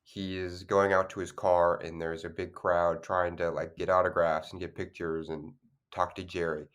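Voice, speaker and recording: A man's voice: deep voice, little pitch movement, normal speed, a bit bright. A man co-hosting a podcast, chatting casually about a movie in a loose, rambling way with plenty of fillers and restarts. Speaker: podcast co-host. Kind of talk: casual film discussion.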